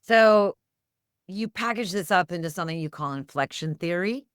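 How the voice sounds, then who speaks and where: Woman host asking questions, smooth clear voice, lowish, dry close mic. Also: lively intonation, moderate pace, no echo. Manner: thoughtful, reads quotes aloud. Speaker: podcast host. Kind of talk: interview questions.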